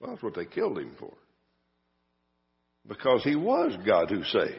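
A male pastor preaching in a church, telling the story casually with little jokes tucked in. His pitch rises and falls a lot, and the sound is slightly dull, with a long reverb from the hall. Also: huge pitch swings, moderate pace, vocal fry, slightly rough. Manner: folksy storytelling with asides and dry humor. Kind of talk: sermon. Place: church sanctuary.

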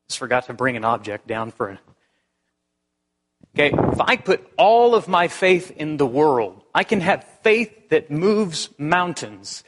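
A man's voice: a little high, fairly bright tone. A male pastor preaching a sermon in a conversational way, restarting phrases and firing rhetorical questions. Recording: long hall reverb.

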